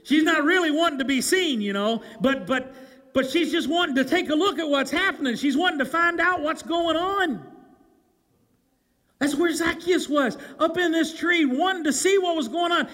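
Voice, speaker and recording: A man preaching a sermon, telling the story with animation and swinging from loud calls to hushed, low lines. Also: moderate pace. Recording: long hall reverb.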